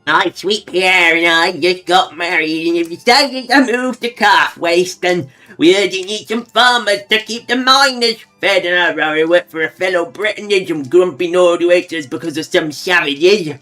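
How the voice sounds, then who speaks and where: A man's voice: high-pitched, moderate pace, bright, forceful tone, soft background music, voice pushed up. A man doing a snippy farm wife's voice. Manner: snippy and gossipy. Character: fed-up young farm wife reading her diary.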